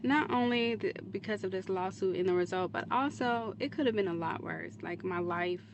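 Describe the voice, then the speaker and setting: A woman's voice: mid-range voice, moderate pace, background noise. A woman speaking in a clip, giving an earnest, defensive monologue to camera that rambles from point to point. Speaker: social media creator in a played clip.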